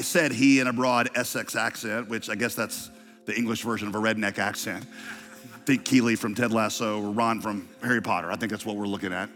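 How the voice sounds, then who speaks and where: A man's voice: mid-range voice, brisk, a bit bright. A man preaching a sermon, retelling and reading an old account with growing fervor. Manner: storytelling, reads a quoted account with rising fervor. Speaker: pastor. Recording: large hall reverb with faint music.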